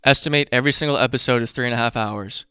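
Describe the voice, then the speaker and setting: Smooth, heated man ranting on a podcast. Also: mid-range voice, racing, sharp tone, no room sound, studio quality. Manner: profane, worked-up ranting with running math. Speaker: podcast host. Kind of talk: casual ranting commentary.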